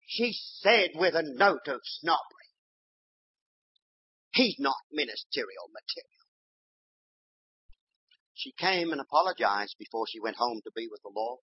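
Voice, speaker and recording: An older man preacher delivering a sermon, swinging from loud exhortation to quiet, low storytelling. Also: lively intonation, moderate pace, breathy edge. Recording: dull lo-fi sermon recording.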